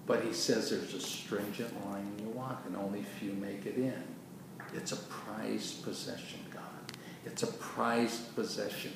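A man preaching a sermon with emphatic delivery, swinging from quiet passages to loud bursts. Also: medium pitch, creaky. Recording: echoey hall from far off with noise.

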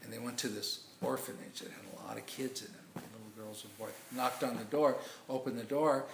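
A man's voice: mid-range voice, steady tone, fairly quick, creaky, noisy background. A man preaching, telling a story as a sermon illustration in a rambling way with many restarts. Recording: echoey room.

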